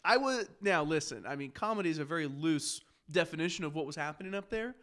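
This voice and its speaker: A man's voice: on the high side, animated, fast talker, fairly bright tone. A young man, a comedian, telling a profane story on a podcast and laughing often. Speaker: stand-up comedian, podcast guest.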